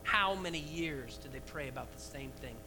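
A man preaching a lively sermon to his church, asking the congregation rhetorical questions. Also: fairly high pitch, normal speed, loud music behind the voice, poor audio. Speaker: pastor.

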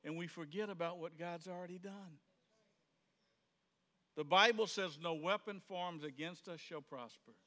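Guy preaching in church, bright ringing voice, kinda high, long echo around him. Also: a little slow, long pauses. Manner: conversational, plays out quoted voices, rises to sudden shouts. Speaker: pastor. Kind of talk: sermon. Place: church sanctuary.

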